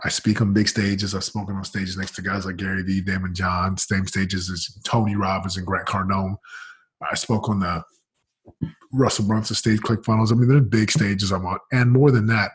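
A man, a business coach, telling his story in a casual, energetic way, full of "man" and "like", swinging between loud excitement and quiet murmurs. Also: deep voice, breathy edge. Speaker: business coach, interview guest.

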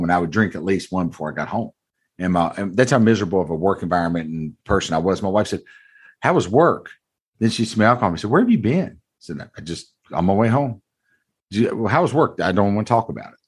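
A man's voice: low voice, breathy edge. A man in his forties, a car dealership owner, telling his story to an interviewer in a blunt, earnest, folksy way. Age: 40s. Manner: earnest, blunt, folksy, calls host brother. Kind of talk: candid conversational storytelling.

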